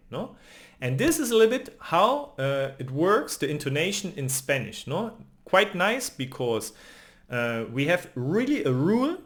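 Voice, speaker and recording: A man's voice: medium pitch, a bit bright. A man giving an online language lesson, explaining patiently and often ending lines with a questioning "no?". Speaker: language teacher.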